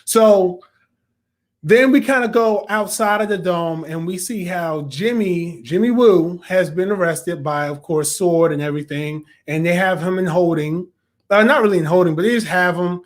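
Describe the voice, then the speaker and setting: A man hosting a casual video review, chatty and animated, acting out quotes as he talks. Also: sits high, moderate pace. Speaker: show host reviewing an episode.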